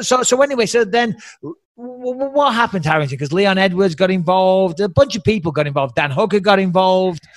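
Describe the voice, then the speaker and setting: A man hosting a podcast in casual, rambling chat, animated and swearing often, laughing a lot. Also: a little high, dry recording. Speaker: podcast host.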